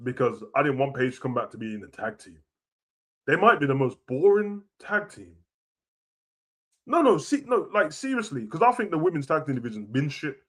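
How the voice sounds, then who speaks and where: A young man rants casually about wrestling, full of slang and swearing, swinging between low mutters and loud outbursts. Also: very animated, moderate pace. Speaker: wrestling reaction host. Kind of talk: casual rant.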